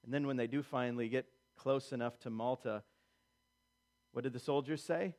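A man's voice: mid-range voice, steady tone, brisk, darkish tone. A man preaching a sermon, acting out quotes in character and building emphasis through repetition. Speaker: pastor.

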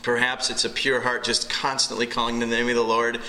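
A man preaching a sermon and leading prayer in church, earnest and pausing often as he restarts phrases. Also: medium pitch, flat delivery, pushed and bright, poor audio. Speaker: pastor. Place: church hall.

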